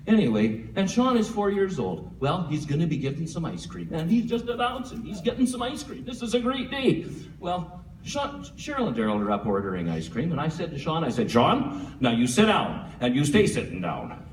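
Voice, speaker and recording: Animated man telling stories at a eulogy. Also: a little high, a little fast. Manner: lively, joking storyteller who chuckles often. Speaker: son giving a eulogy. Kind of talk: humorous memorial tribute. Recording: echoey hall from far off with faint room noise.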